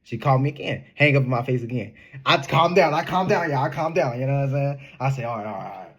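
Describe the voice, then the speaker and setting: A young man telling a casual storytime in an animated, slangy way, laughing often. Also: medium pitch, fast, crowd noise. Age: young adult. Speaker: vlogger.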